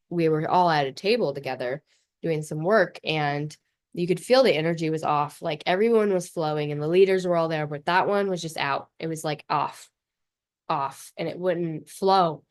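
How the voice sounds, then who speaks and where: A woman's voice: sits low, normal speed. A middle-aged woman hosting a podcast, telling personal stories candidly in a loose, blunt way, swearing casually and laughing often. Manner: talks in loose run-on phrases with many fillers. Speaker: podcast host.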